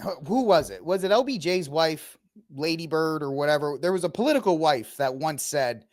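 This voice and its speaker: A man's voice: a little high, normal speed. A man in his thirties from Texas, hosting an opinionated reaction commentary with mocking asides. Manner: animated, opinionated, mocking impressions. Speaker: commentary host.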